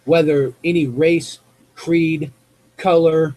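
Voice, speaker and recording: A man from the US West Coast hosting a live call-in show, talking off the cuff in a rambling, halting way as he searches for words. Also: fairly high pitch, fairly even intonation, warm tone, low-quality recording. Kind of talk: unscripted monologue to chat viewers.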